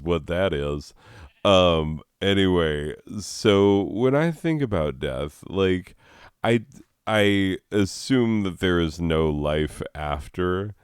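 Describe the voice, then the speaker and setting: A man's voice: low voice, clean tone, dry recording, clean studio sound. A man who works as a schoolteacher, rambling and swearing through casual game commentary and laughing at his own jokes.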